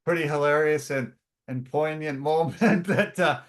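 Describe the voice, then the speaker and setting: A man co-hosting a sports podcast, telling stories in a casual, animated way with plenty of fillers and restarts. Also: fairly high pitch, unhurried. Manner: animated storyteller, acts out quotes.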